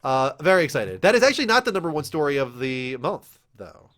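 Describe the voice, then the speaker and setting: A young man hosting a casual entertainment news show, talking in an excitable, animated way with quick asides. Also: a little high. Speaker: show host.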